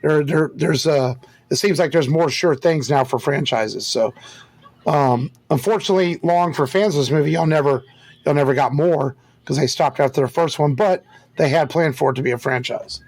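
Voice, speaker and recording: A man's voice: on the high side, moderate pace, a little mellow, no echo. A man co-hosting a podcast, talking loosely and conversationally about a film. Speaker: podcast co-host. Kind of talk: casual movie discussion.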